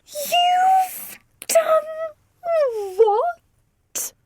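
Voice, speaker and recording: A woman voicing a doting, dramatic middle-aged mother who gushes and turns shrill. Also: unhurried, darkish tone, a little hiss or hum. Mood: distraught. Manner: gushing, shrill when upset.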